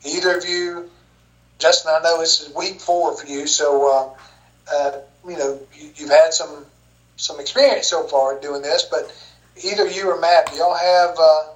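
A man moderates a sales group on a video call, hesitant and full of fillers. His voice is a bit high for a man. His room has a strong echo. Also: fairly even intonation, unhurried, muffled recording. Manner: hesitant, many fillers and restarts. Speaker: leader of a sales coaching group.

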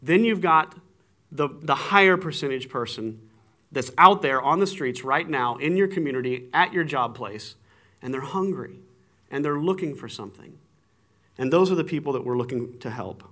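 A man preaching a sermon, telling stories with animated swings in voice. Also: moderate pace. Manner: animated storytelling, acts out shouting with big jumps in pitch. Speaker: pastor.

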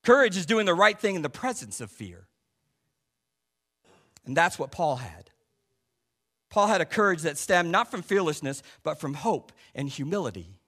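A male pastor preaching a sermon, asking the congregation rhetorical questions and swinging between loud stressed points and quiet asides. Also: on the high side, sing-song, moderate pace.

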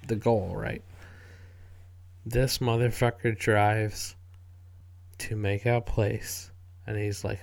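In casual spoken commentary, a man with a gravelly, creaky, slightly low voice talks slowly and without hurry. He rambles, swears freely and keeps restarting his phrases.

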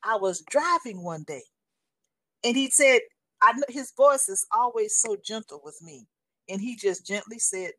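Lively, emphatic woman in her sixties. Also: fairly high pitch, measured pace, slightly rough, dry recording. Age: 60s. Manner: animated and emphatic, calls the listener honey. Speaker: guest sharing a faith testimony. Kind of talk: casual spoken testimony.

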